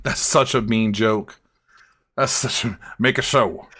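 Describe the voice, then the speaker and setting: A man hosting a casual comedic movie-review podcast, joking and energetic and laughing often. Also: fairly low pitch, a little slow, breathy edge. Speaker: podcast host.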